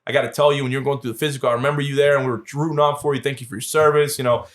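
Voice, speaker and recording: A man, telling lively stories as a podcast guest and acting out the voices of the people in them. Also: mid-range voice, very fast. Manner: animated storyteller, acts out quoted voices. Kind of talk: casual storytelling interview.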